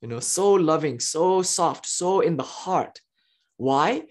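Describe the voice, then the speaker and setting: A spiritual teacher giving a philosophy lecture, telling stories with frequent laughs and swinging between excited exclamations and hushed asides. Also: mid-range voice, slow. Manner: animated, enthusiastic storytelling with frequent laughs.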